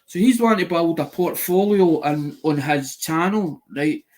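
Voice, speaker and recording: Man telling a rambling, higher-pitched story. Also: measured pace, a little mellow. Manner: rambling, with frequent restarts and casual swearing; retells conversations by quoting them. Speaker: channel host doing a live mail call. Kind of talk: casual live-stream storytelling.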